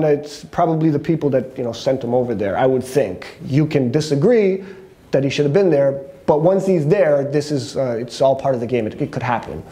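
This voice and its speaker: A man hosts his own commentary show and talks through his views in a frank, off-the-cuff way. His voice sits a little high for a man but sounds mellow and warm. He often backs up and restarts his sentences as he thinks aloud. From Canada. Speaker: host. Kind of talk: opinion commentary monologue.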